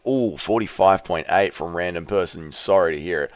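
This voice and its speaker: A man's voice: deep voice, animated, normal speed, few pauses, clear, resonant tone. A man hosting a livestream, reading viewer comments aloud and reacting casually, with loose, swearing banter. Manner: laid-back, swears freely, reads chat aloud and reacts. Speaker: livestream host.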